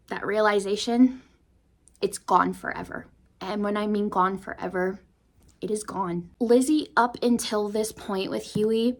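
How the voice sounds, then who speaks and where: A young woman vlogger talking through a book she is reading, emotional and full of restarts, sometimes dropping into a whisper. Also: mid-range voice. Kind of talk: casual book discussion.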